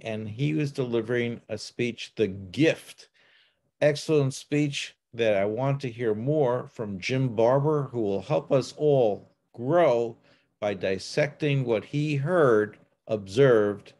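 A man chairing an online club meeting and giving polite introductions. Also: mid-range voice. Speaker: general evaluator and meeting chair. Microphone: video call.

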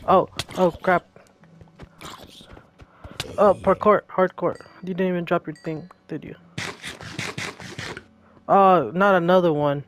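Jokey, excitable man narrating his gameplay. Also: high voice, takes it slowly, pauses often, a little hiss or hum. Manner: jokey, excitable, talks to himself and the mobs. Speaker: gameplay commentator. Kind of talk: casual gameplay commentary.

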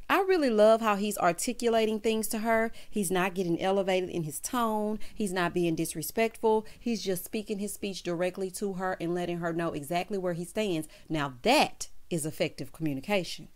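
A woman giving a sassy, animated recap of a reality show, quoting the couples in put-on voices. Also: mid-range voice, a little fast. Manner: sassy, animated, quotes people in character voices. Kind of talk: casual commentary recapping an episode.

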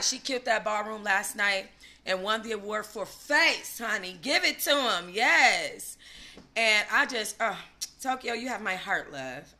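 A woman hosting a gossip live stream, talking casually and animatedly, swinging between loud gushing and low asides. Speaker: gossip channel host.

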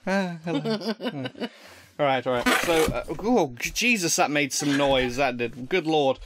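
Slightly high and a bit slow, this man's voice comes through a noisy background. He's a young vlogger at home, opening fan mail in front of a desk mic, rambling, joking, and filling the casual unboxing vlog with fillers and false starts.

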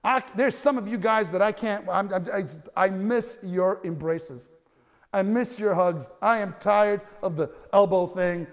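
High-voiced pastor preaching in a reverberant hall. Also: male voice, unhurried. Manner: animated, builds to loud cries at climaxes; stammering restarts, conversational asides. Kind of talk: sermon. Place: church.

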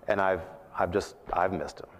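A man preaching a sermon at church, earnest and reflective, rising in pitch to stress his points. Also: fairly even intonation, normal speed, long reverb tail, lo-fi sound, background noise.

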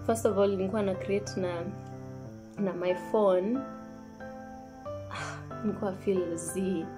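A woman's voice: medium pitch, steady tone, unhurried, over music. A young woman chatting casually in a vlog, slipping Swahili phrases into her English. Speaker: vlogger.

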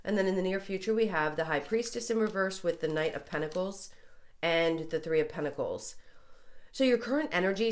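Woman, low voice, congested, stuffy, casual tarot reading, chatty, apologetic. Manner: chatty, apologetic asides, frequent ums. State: congested, recovering from illness. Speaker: tarot reader.

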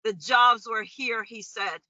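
A woman's voice: on the high side, takes it slowly, pushed and bright, dry recording. A woman candidate giving a rousing campaign speech, addressing the crowd directly. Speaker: political candidate. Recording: dry, dull lo-fi audio.

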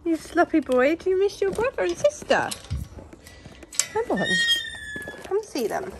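A woman's voice: extremely high pitch, huge pitch swings, measured pace. A woman chatting in a sing-song way to her child and dogs outdoors near a beach. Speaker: dog-owning vlogger and mother. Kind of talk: casual chat. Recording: loud outdoor background noise.

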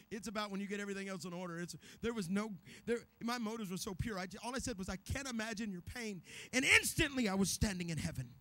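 A man's voice: sits high, no room sound. A man preaching a revival sermon in a church, telling stories dramatically and acting out the voices. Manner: dramatic, acts out voices, builds to shouting. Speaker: guest preacher.

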